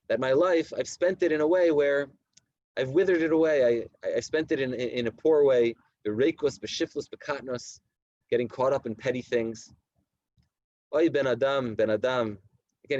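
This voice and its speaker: Rabbi in his thirties leading a night study session, mid-pitched voice, repeats himself while explaining texts. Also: dry recording, highs cut off. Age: 30s. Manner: reads Hebrew texts slowly then explains them in animated English with many repetitions. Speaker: rabbi giving a Torah class. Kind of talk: Torah lecture to a community. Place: community study hall at night.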